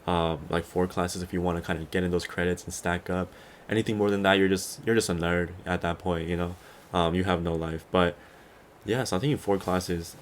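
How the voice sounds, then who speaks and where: Low-voiced young man, relaxed podcast host. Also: a little fast, a little hiss or hum. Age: 20s. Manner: rambling and easygoing, with many fillers and chuckles. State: a little tired. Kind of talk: casual solo podcast chat.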